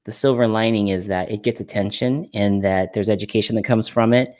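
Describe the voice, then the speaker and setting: A man's voice: on the low side, fairly even intonation, brisk, a little mellow. A man hosting a podcast, chatting casually and agreeably with his guest. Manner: agreeable, easygoing, laughs along. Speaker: podcast host. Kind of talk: casual chat.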